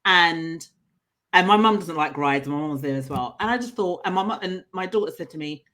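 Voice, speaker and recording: A middle-aged woman, a coach and trainer, telling personal stories in an interview in an earnest, animated way. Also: lowish voice, brisk. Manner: earnest, animated storytelling with laughs.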